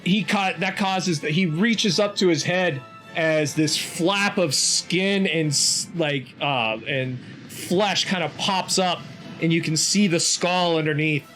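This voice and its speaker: A man narrating a tabletop role-playing game as game master, describing the action slowly and with many fillers. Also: on the high side, fairly bright tone, soft background music.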